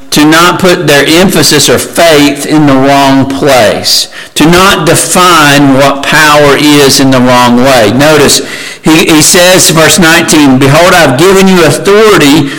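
A man's voice: fairly high pitch, a bit bright, rough recording. A man preaching a sermon in a conversational way, reading scripture aloud with frequent restarts.

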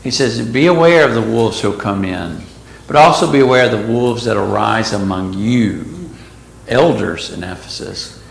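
A man's voice: lowish voice, expressive, gravelly. A man leading a casual Bible class, reading verses aloud and stopping to explain them. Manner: talks slowly, reads verses aloud and stops to explain them. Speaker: Bible study teacher. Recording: echoey room, faint background noise.

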